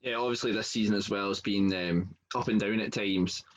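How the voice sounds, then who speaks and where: A man hosting a podcast, asking a footballer relaxed questions. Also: lowish voice, brisk, slight background noise. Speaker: podcast host. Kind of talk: interview questions. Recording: dull lo-fi sound.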